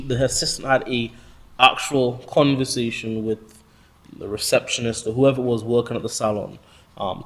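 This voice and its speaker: A man hosting a casual discussion, eager and rambling, with many fillers. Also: mid-range voice.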